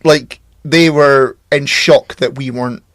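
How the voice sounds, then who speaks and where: A man's voice: mid-range voice, fairly even intonation, slow, no room sound. A Scottish man co-hosting a film podcast, chatting casually and bluntly with plenty of swearing. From Scotland. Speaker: podcast co-host. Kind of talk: casual chat.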